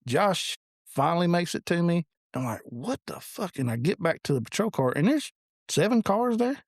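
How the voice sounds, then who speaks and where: A man's voice: sits high, expressive, normal speed, no echo, studio quality. A man in his forties, a police officer co-hosting a podcast, telling blunt, profane stories in casual chat.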